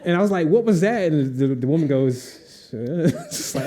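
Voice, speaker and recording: Animated man telling a comic story. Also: on the high side, measured pace. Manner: animated storyteller, acts out voices, laughs often. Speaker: author on a panel. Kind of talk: anecdote telling at a live event.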